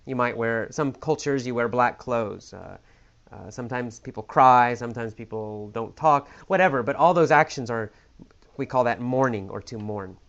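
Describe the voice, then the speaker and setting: A man teaching English vocabulary, explaining words slowly and patiently with many examples and restatements. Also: mid-range voice, creaky, a bit bright. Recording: slightly dull lo-fi audio.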